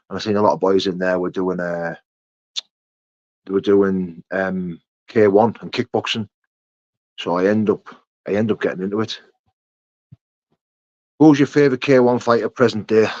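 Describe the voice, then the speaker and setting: Greeting his viewers by name and answering what they ask, a young man hosts a casual, matey live chat. He has a lowish voice, recorded with no room sound but a dull, muffled quality.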